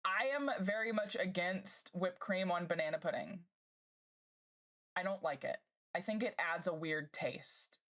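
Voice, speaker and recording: Bubbly laughing woman streamer, low voice. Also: fairly bright tone. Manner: bubbly, gushing, quick to laugh. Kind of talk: casual chat with live chat.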